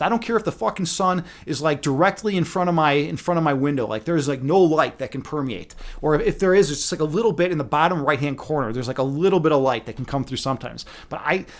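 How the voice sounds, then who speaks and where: A man chatting casually on a livestream, rambling and swearing freely with lots of restarts and laughs. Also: on the high side. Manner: rambling, profane, laughs often, many restarts. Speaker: streamer.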